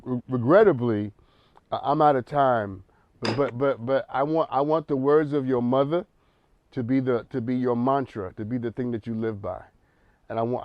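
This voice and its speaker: A man's voice: medium pitch, no echo, lo-fi sound. A man hosting a counseling talk show, speaking emphatically in a preacherly way and repeating words as he builds a point.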